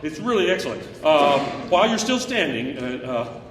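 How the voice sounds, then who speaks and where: A man's voice: on the high side, very animated, normal speed, slight background noise. A man leading a choir rehearsal, joking and fussing as he sings short phrases to show the singers what he wants. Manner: jokey, fussy, sings short phrases to demonstrate. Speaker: choir director. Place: rehearsal room or hall. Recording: echoey hall, faint choir music.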